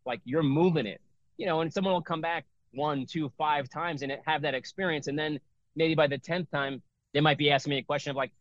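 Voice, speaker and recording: A man's voice: on the high side, fairly even intonation, a little fast, fairly bright tone, dry recording. Rambling middle-aged man, dull dry audio. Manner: loose, rambling, full of fillers and restarts. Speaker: breathwork and yoga teacher. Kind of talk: casual interview talk.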